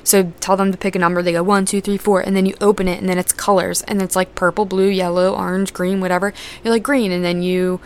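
A woman's voice: fairly low pitch, little pitch movement, fast talker, hardly any pauses, smooth. A young adult woman hosting a podcast in casual chat, rambling with lots of fillers and casual swearing. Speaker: podcast host.

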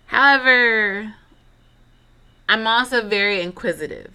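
A woman's voice: mid-range voice, very animated, slow, pauses often, bright, forceful tone, clean tone. A young woman hosting a podcast, telling a story in a chatty, dramatic way with lots of fillers and asides. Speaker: podcast host. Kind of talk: casual storytelling monologue.

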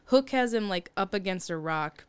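Chatty young woman, smooth clear voice. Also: mid-range voice, expressive, moderate pace, no room sound. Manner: chatty, laughs often, recaps with filler words. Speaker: podcast co-host. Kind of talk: casual chat.

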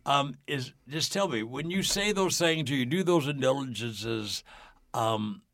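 A man's voice: mid-range voice, expressive, a little slow, fairly bright tone, dry recording. An older man, a podcast guest, telling stories with enthusiasm and acting out the dialogue. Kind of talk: storytelling in a faith podcast.

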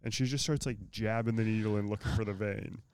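A man's voice: lowish voice, steady tone, fairly quick, a little mellow, clean tone, no room sound. A young man telling a casual story on a podcast, swearing freely and filling his talk with "like". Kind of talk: casual chat.

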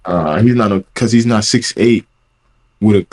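A man's voice: on the low side, unhurried, a crowd in the background. A young man co-hosting a casual podcast chat, blunt and swearing freely. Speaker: podcast co-host.

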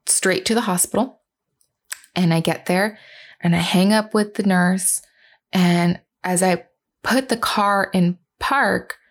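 Mom slowly telling her story, kinda gravelly, lowish voice. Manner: earnest, retelling dialogue, with fillers and restarts. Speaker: mother telling a personal story. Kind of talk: personal storytelling.

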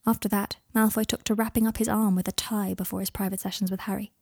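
A woman reading fan fiction aloud in a calm, even narrating voice. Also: medium pitch, fast, vocal fry, few pauses, breathy edge, dry recording, studio quality. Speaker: reader.

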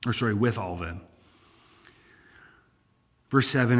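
A man's voice: on the low side, normal speed, long pauses. A man pastor teaching a Bible study, conversational and turning emphatic when he reads scripture aloud. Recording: long hall reverb.

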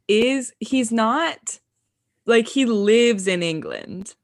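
A woman's voice: a little high, lively intonation, very slow, dry recording, studio quality. A young woman co-hosting a podcast in casual chat, giggling and filling her sentences with "like". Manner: giggly, lots of "like" fillers. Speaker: podcast co-host.

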